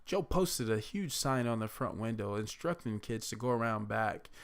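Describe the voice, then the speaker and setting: Man, horror story narrator, gravelly, low voice, casual profane delivery, faint music underneath. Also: normal speed. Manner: relaxed, profane, conversational. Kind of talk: casual first-person story reading.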